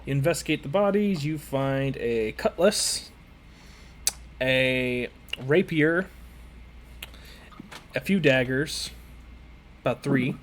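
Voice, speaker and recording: A man's voice: mid-range voice, slight background noise. Man running a tabletop game. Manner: relaxed, halting with fillers. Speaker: game master.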